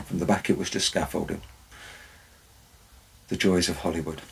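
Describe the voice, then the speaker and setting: A man's voice: low voice, steady tone, moderate pace, gravelly, slightly rough, rough recording. A man, a former forest warden, tells wry anecdotes in a dry, storytelling way. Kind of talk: storytelling narration.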